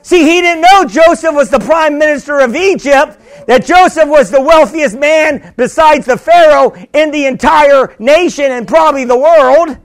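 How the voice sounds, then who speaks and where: A man preaching a sermon as pastor, with sudden shouts and many repeated words. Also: very high voice, normal speed, hardly any pauses.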